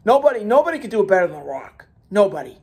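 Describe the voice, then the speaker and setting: A man with a high, creaky, darkish voice talks very fast, his pitch swinging widely. Hosting his own wrestling commentary channel alone, he rants with heated emphasis, repeating his points and restarting words.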